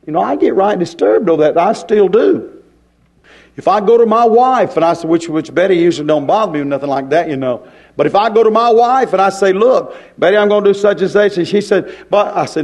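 Man, middle-aged, high voice, folksy, emphatic sermon. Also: animated, fairly quick, darkish tone. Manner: folksy, emphatic preaching with rhetorical questions. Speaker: preacher.

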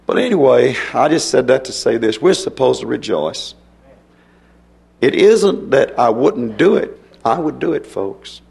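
A man's voice: mid-range voice, lively intonation, measured pace, a little mellow. A man preaching a sermon in a folksy storytelling way, with sudden emphatic rises. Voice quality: gravelly, husky voice. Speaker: pastor.

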